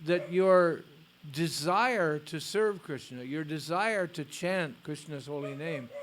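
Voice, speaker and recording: Reading a story to his lecture audience, this spiritual teacher takes his time, choosing each word with care. His voice runs slightly high for a man, and every so often he breaks in with an offhand, blunt remark.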